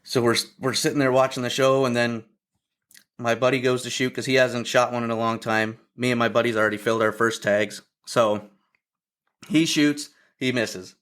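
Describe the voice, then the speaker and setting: A man from Ontario speaking over a video call at a middling pitch. He tells hunting stories in a relaxed, chatty way. He slips into the voices of the people he is quoting. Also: normal speed. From Ontario, Canada. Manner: lively storyteller who acts out other people's quotes. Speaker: podcast guest. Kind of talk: casual hunting storytelling.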